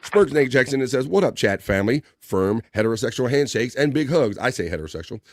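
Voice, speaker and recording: A man hosting a casual livestream talk show, reading out viewer comments in a relaxed, rambling way with lots of fillers. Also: mid-range voice, quick pace.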